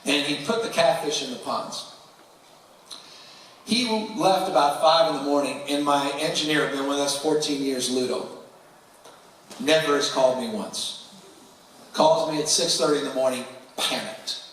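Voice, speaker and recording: Animated storytelling man in a far-off echoing hall. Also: fairly high pitch, normal speed, long pauses, a little hiss or hum. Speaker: interview guest on stage. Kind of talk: anecdotal storytelling to a live audience. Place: large public festival venue.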